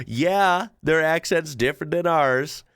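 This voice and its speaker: A man's voice: on the high side, measured pace, fairly bright tone, clean tone, no room sound, studio quality. A man hosting a casual reaction video, chuckling and making sarcastic asides. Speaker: reaction channel host.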